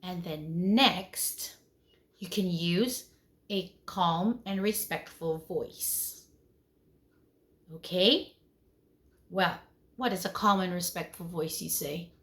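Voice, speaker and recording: A woman teaching a lesson to young children online, with an animated, sing-song delivery that swings in pitch and loudness and asks the children many questions. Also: takes it slowly, long pauses. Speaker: preschool teacher.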